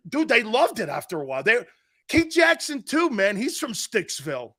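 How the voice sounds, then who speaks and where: High, lively man on sports talk. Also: normal speed. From East Coast of the USA. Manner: loud, storytelling, acts out voices, swears, laughs. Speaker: sports talk show host. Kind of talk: animated sports radio monologue.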